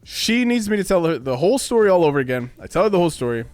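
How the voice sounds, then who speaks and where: Animated, swearing male streamer. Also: sits high, rapid-fire, no room sound, soft background music. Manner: animated, swears a lot, acts out quoted voices. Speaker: live streamer. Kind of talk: casual rant to stream chat. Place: home streaming room.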